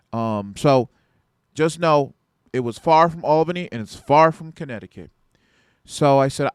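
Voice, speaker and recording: A man's voice: mid-range voice, lively intonation, a little fast, no room sound, studio quality. A man who hosts a podcast and works as a security guard, telling a work story casually and acting out his own past lines with rising force.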